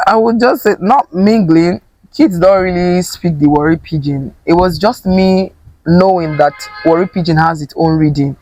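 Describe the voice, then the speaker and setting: A woman's voice: on the low side, moderate pace, slight background noise, low-quality recording. A young adult Nigerian woman being interviewed as an actor, talking animatedly and switching between English and Pidgin. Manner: animated, mixing English with Pidgin, laughs often. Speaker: actor guest. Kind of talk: casual interview chat.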